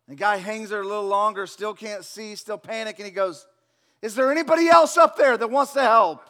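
A man with a high voice preaches a sermon from a church stage. He tells stories and acts out the voices in them, speaking to a congregation in the room. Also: a bit bright, clean tone. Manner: storytelling, acts out voices in anecdotes. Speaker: pastor. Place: church sanctuary.

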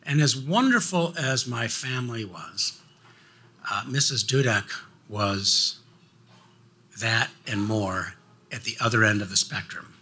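An older man telling a personal story in a halting way, often repeating words. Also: medium pitch, lively intonation, sharp tone, slightly rough. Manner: halting, repeats words, acts out quoted voices. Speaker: guest speaker.

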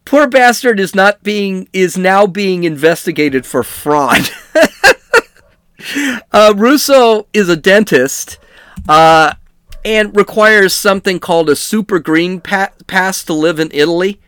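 Middle-aged male podcast host, sarcastic comedic news commentary, somewhat high voice, lively delivery. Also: slow pace, clean tone, no room sound, clean studio sound. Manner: wry, sarcastic, digressive.

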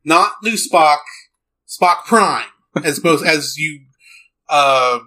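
A man co-hosting a podcast, chatting casually and rambling with quick asides and restarts. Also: fairly high pitch, lively intonation, pushed and bright, rough recording. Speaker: podcast co-host. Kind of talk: casual chat.

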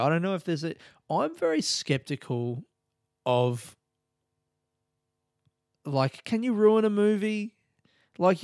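A young man talks through his week on a solo podcast, rambling and swearing freely, often breaking into laughter. His voice is smooth and clear at a middle pitch. The close mic gives a dry sound. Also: darkish tone, dry recording. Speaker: podcast host. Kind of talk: casual solo podcast talk.

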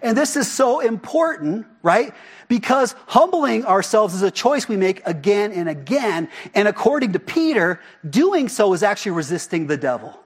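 Speaking at an ordinary pace in a high, husky voice, this man delivers a sermon to his church. He keeps things animated and chatty, often posing rhetorical questions to the congregation.

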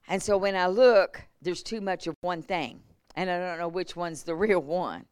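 A woman preaches at a revival, telling testimony stories with animated quoted voices and small laughs. Her voice sits a little low and comes across smooth and clear. The recording is dry, with almost no room sound. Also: normal speed, no room sound. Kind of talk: sermon storytelling. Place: church.

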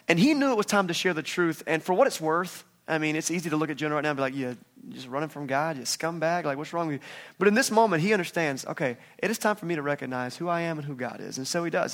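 A man preaching a casual sermon, lively and animated, acting out the voices of the people in the story. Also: on the high side, fast talker, few pauses. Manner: animated, acts out quoted voices. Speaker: pastor.

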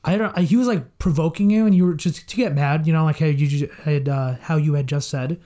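Young male podcast co-host, slightly higher voice, lively laughing storyteller. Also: fairly quick. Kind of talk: casual storytelling chat.

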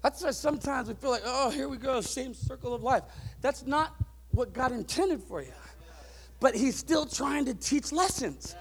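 A man preaching a sermon to his church, moving from soft, musing talk to loud, driving peaks. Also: extremely high pitch, expressive, normal speed, breathy edge. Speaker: pastor.

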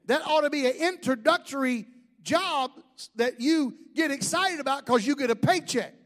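A man's voice: very high-pitched, normal speed, fairly bright tone. A man, a pastor, preaching a sermon with jokes and asides to the congregation.

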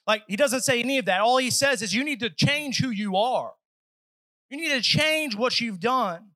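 Preaching a sermon during a church service, this man has a very bright, very high voice and an animated, earnest, dramatic style that slides into pleading voices at times. His pace is moderate, and the poor-quality audio sounds dry and close without any echo.

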